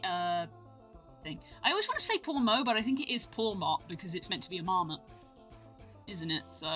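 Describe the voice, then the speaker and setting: Bright, lively woman streamer. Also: lowish voice, a little fast, faint music behind. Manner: chatty, excitable exclamations over cards. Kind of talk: casual live-stream card-opening commentary.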